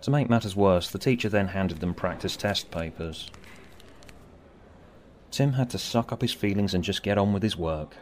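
A man reading his own story aloud, expressive, moving between bright and hushed. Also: low-pitched, moderate pace, a little hiss or hum. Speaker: author and narrator. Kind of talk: storybook narration.

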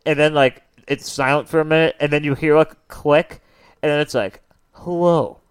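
A man's voice: a little high, flat delivery, fairly quick, clean tone. A young man co-hosting a casual podcast chat, telling rambling, profane stories. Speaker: podcast co-host.

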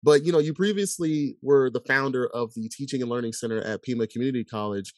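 A man's voice: mid-range voice, quick pace, dry recording. Dry-sounding man hosting a casual podcast. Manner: reflective, many filler "like"s. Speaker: podcast host, educator. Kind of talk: casual conversational interview.

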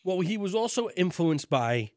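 Man co-host, animated and jokey, in a dry room. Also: high voice, normal speed, no room sound. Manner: animated, jokey, acts out lines from the show. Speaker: podcast co-host. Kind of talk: casual chat.

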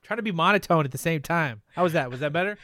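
A man's voice: a little high, lively intonation, quick pace, fairly bright tone, dry recording, clean studio sound. A man hosting a casual podcast, joking around and then asking earnest questions. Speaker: podcast host. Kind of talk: casual chat.

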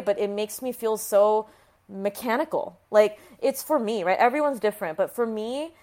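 A woman's voice: medium pitch, normal speed, a little mellow. Frank, emotional woman telling her story. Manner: frank and emotional, with frequent restarts and some profanity. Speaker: physician guest sharing her story. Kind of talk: candid personal storytelling.

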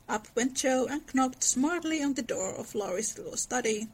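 A woman discussing a classic novel on a podcast and reading passages aloud in a measured, reflective way. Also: a little high, husky, poor audio.

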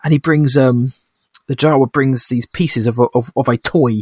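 A man's voice: medium pitch, fairly even intonation, normal speed, darkish tone, breathy edge, no room sound, clean studio sound. A young man chatting casually as a podcast co-host, thoughtful and hesitant, often restarting his sentences. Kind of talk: casual chat reviewing a TV episode.

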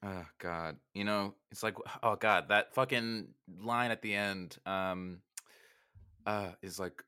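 A man's voice: fairly low pitch, slow pace, bright, forceful tone, clean tone. A man in a casual film chat, joking around, swearing freely and laughing often. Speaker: podcast co-host.

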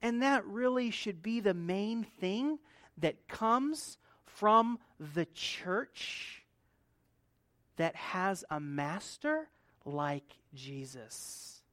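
A man preaching a sermon in a relaxed, conversational manner. He drops to quiet asides, then builds to loud, emphatic repeated points. The sound is close and dry, with no room around it. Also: high-pitched, drawn-out words, dry recording. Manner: conversational, swings between soft asides and loud emphatic build-ups, laughs often. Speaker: pastor.

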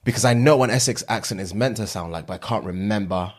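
A man co-hosting a podcast in casual chat, easygoing and quick to agree, mimicking accents. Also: on the low side. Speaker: podcast co-host.

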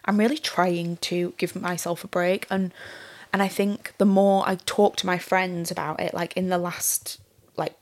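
A young woman hosting a solo podcast, talking candidly and casually with plenty of fillers and swearing. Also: lowish voice. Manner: candid, chatty, swears freely, many "like" fillers. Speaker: podcast host.

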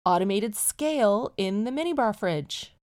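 A woman from the United Kingdom hosting a podcast, chatty and animated, casually telling a travel story while ill. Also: medium pitch, measured pace.

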